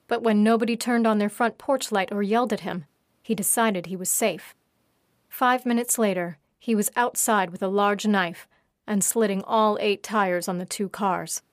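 A woman narrating her own story in a steady, even reading voice. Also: mid-range voice, no echo, studio quality. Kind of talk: audiobook narration.

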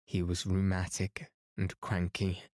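A man reads a novel aloud as a bedtime story in a calm, soothing way. His voice is low and flat, and he speaks slowly. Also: no echo, studio quality. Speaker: podcast narrator.

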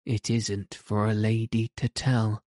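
A man voicing a prim, earnest young girl who plays mother, in a slow, low, mellow storybook reading. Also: flat delivery, dry recording, clean studio sound.

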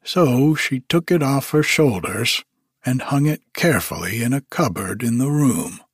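A man reading a fairy tale aloud as a bedtime story, in an unhurried, expressive way. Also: mid-range voice, slightly rough, no echo, clean studio sound.

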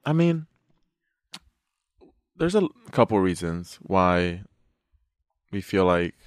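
Expressive young man hosting a podcast. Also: low-pitched, slow pace, smooth, no room sound, studio quality. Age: young adult. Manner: expressive, laughs often, rambling. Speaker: podcast host. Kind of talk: casual podcast chat.

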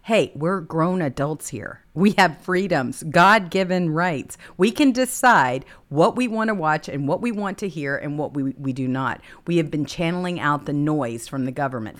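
A woman's voice: deep voice, normal speed, few pauses. Emphatic woman hosting a talk show. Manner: emphatic, preachy. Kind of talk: political talk show chat.

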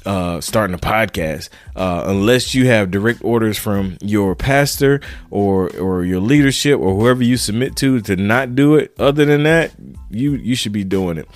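A middle-aged man delivers a fired-up, preachy podcast pep talk and keeps calling his listeners "y'all". His voice sits fairly low. Faint music plays softly under him. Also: moderate pace, no room sound. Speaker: podcast host. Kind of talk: casual motivational podcast monologue.

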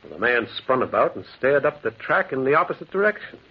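A man's voice: medium pitch, sing-song, fairly quick, slightly rough. A man playing a lonely former prospector who narrates a 1940s radio drama, an old muffled recording. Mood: brooding. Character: lonely male loner who once prospected in the mountains.

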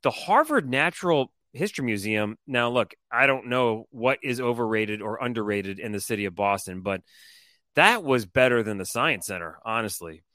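A man telling a story on a podcast in a casual, animated, profane and rambling way. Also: mid-range voice, moderate pace, dry recording, clean studio sound. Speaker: co-host.

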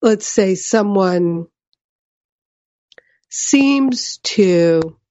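A woman giving a measured spiritual teaching talk, explaining ideas and often checking in with "right?". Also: medium pitch, darkish tone, dry recording, muffled recording.

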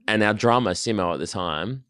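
A man, a band member telling stories loudly and animatedly, swearing freely in casual chat. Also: on the low side, moderate pace, clean tone, dry recording, clean studio sound. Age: 30s. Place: rehearsal studio.

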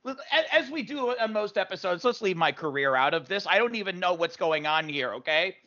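A man's voice: high-pitched, lively intonation, fairly quick, pushed and bright. A man guesting on a comedy podcast, flustered and protesting. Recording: dull lo-fi recording.

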